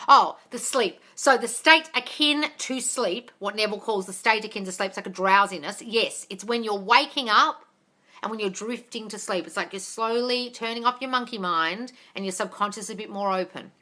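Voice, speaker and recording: A manifesting coach answers live chat questions on a casual phone livestream from home, bluntly and with plenty of swearing, calling viewers darling. Her voice is medium-pitched and sharp, at a normal speed, and a dog barks nearby.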